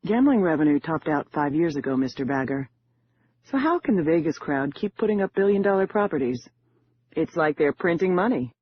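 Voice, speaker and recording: A man voicing a confident female con artist who speaks smoothly and self-assured. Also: fairly high pitch, expressive, brisk, no echo, muffled recording. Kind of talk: audiobook character voice.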